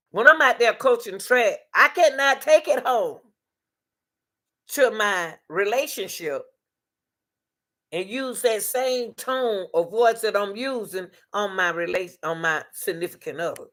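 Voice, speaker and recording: A woman's voice: medium pitch, fairly bright tone. A woman hosting a casual advice talk on relationships, emphatic and repetitive, speaking straight to her listeners.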